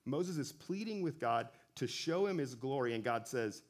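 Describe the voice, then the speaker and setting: A man giving a relaxed sermon, talking conversationally with frequent self-corrections and joking asides. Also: medium pitch, moderate pace, hardly any pauses. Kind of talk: casual sermon.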